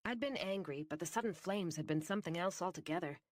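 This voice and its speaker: A woman's voice: fairly low pitch, quick pace, no room sound. Woman narrating an audiobook, dry sound. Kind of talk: first-person scripted narration.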